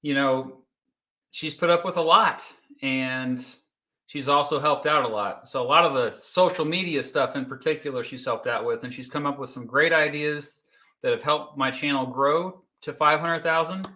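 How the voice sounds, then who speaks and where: A man hosting a laid-back livestream, talking with a bright, forceful edge in a slightly high voice. He jokes around easily and sometimes talks with his mouth full. He is in his thirties and comes from Kansas. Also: moderate pace. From Kansas, United States. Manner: relaxed, joking, eats while talking. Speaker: YouTube host. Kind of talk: casual livestream chat.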